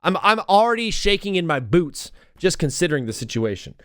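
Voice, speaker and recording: A young man hosting a live radio talk show, his pitch leaping up and down as he rants. He sounds excitable and self-mocking and hops from topic to topic. The sound is close and dry, with no room echo. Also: fairly quick.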